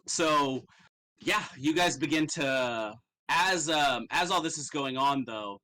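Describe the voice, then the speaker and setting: Male GM narrating a tabletop game loosely with lots of swearing and laughs; bright, fairly high voice. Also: animated, slow, poor audio. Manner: casual, profane, laughs often. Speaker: game master.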